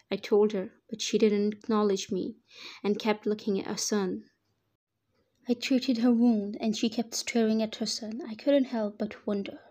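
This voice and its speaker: A woman narrates a first-person story at a steady pace, her voice dark and mellow. She now and then trips and corrects a word. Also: mid-range voice. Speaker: fan fiction reader.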